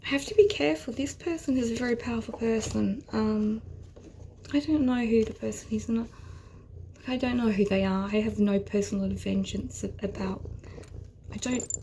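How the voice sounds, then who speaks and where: A woman giving a rambling, earnest tarot reading, often dropping into soft whispers. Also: mid-range voice, steady tone, moderate pace, long pauses, slight background noise. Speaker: tarot reader. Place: at home with her cat.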